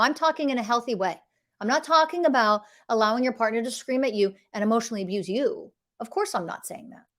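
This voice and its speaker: A woman's voice: on the high side, a bit bright. A middle-aged woman delivering an impassioned, confrontational monologue as a podcast host, swearing freely. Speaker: podcast host, emotional health coach.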